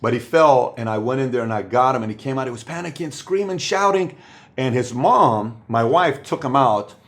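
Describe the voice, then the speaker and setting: A man's voice: mid-range voice, expressive, normal speed. A man hosting a motivational business talk, speaking emphatically and repeating phrases for stress. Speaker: host giving business advice.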